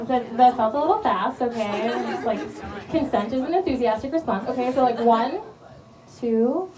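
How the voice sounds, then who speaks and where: Her voice is on the high side and her pace normal as she performs stand-up in a small bar before a live audience. She rambles with plenty of fillers, jokes at her own expense and laughs along; the audio is echoey, far off, and the crowd is loud.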